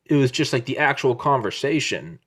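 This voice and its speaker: Male podcast host, thirties, middle pitch, rambling and profane, own mic over video call. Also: brisk, husky. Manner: rambling, profane, animated storytelling. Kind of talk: casual chat. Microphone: own microphone over video call.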